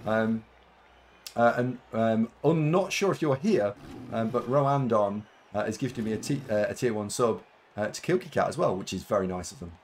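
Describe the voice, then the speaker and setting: A man's voice: on the low side, animated, moderate pace, a little hiss or hum. A man streaming a game live, chatting casually with viewers and thanking them, with lots of fillers. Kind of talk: casual live-stream chat while playing.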